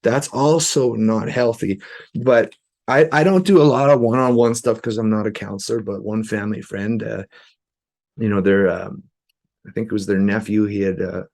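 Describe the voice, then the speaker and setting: Guy w a gravelly voice, earnest and rambly, lots of "you know"s on a podcast. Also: fairly low pitch, fairly even intonation, normal speed, darkish tone. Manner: loose and earnest, many "you know" fillers. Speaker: podcast guest, musician. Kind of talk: conversational storytelling.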